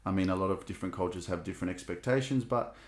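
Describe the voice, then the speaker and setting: A male podcast host with a low voice chats casually with his guest. He asks questions and tells his own stories with enthusiasm, getting animated as he goes. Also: racing.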